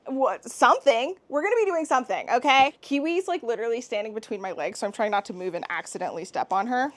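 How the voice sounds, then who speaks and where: A woman's voice: on the high side, lively intonation, fast, few pauses. A young woman chatting casually in a book vlog, giggly and rambling, with faint music underneath. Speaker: book vlogger.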